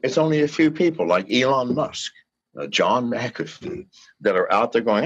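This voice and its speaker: An older man giving an interview, fiery and profane, swinging from low mutters to shouted pleas. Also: expressive, normal speed. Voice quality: gravelly and husky. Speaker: guest. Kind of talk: impassioned interview rant. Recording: dull lo-fi call audio.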